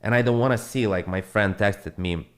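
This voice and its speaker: Blunt, profane crypto streamer. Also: male voice, lowish voice, normal speed, fairly bright tone. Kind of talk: casual live-stream monologue.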